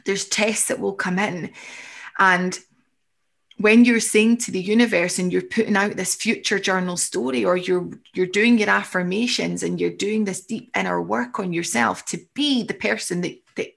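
Woman, coaching talk, reassuring, reflective, middle pitch. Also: steady tone, normal speed, gravelly, a bit bright. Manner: reassuring, reflective, voices inner thoughts. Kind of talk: coaching conversation.

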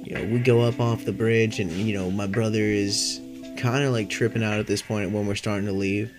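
A man's voice: lowish voice, steady tone, fairly quick. Stoned young man rambling over guitar music. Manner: rambling and laid-back, heavy swearing. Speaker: podcast host. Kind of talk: casual storytelling monologue. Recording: clear music playing behind.

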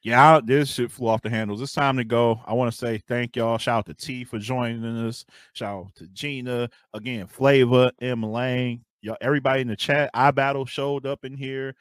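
A man hosting a casual podcast chat, excitable, laughing often and repeating himself as he signs off with shout-outs. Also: medium pitch, moderate pace, hardly any pauses, no room sound, studio quality. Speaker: podcast host.

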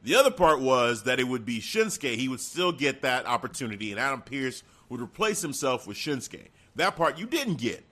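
A man's voice: mid-range voice, normal speed, few pauses. A man co-hosting a casual chat, recapping a show and acting out the people in it. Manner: animated, acts out quotes, laughs often. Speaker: podcast co-host.

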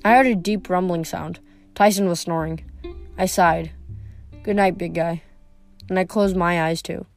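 A woman reading a novel aloud in a steady, plain storytelling voice. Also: fairly low pitch, normal speed, soft background music. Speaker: reader. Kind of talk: audiobook reading.

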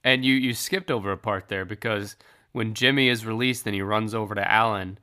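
A man guesting on a casual podcast with a low voice and bright, forceful tone. He throws in wry, emphatic remarks. His talk is loose and conversational. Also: steady tone, brisk, slight background noise.

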